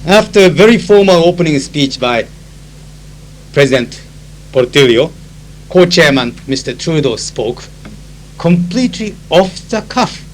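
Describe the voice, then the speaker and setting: Speaking a little slowly with frequent pauses, a Japanese-accented conference interpreter uses a somewhat high, expressive voice for his recorded spoken diary. He chats through anecdotes loaded with fillers and switches into Japanese to explain phrases, on poor-quality old tape with a faint hum.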